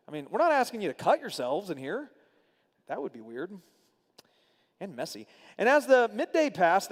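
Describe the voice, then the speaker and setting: A man teaching a Bible study in a church hall, reading scripture aloud with animated, casual asides to his group. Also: on the high side. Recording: long hall reverb.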